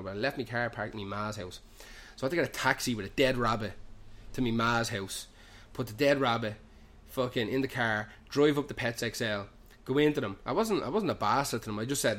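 A young male podcast host with a mid-range, fairly bright voice tells a meandering comic anecdote in a pub. His Irish accent carries Dublin slang, and he swears heavily as the story runs on.

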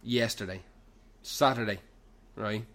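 Hosting a show from a pub, a young man speaks slowly in a fairly low, slightly bright voice with a Dublin-tinged Irish accent and slang. He tells a loose, run-on comic anecdote, swearing heavily as he goes.

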